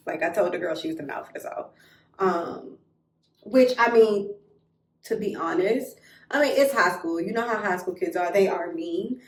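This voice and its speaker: A young woman telling a personal story in a casual, animated way, blunt and swearing freely. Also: on the low side, moderate pace, far from the mic, slight background noise. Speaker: storytime vlogger. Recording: roomy echo, a little off mic.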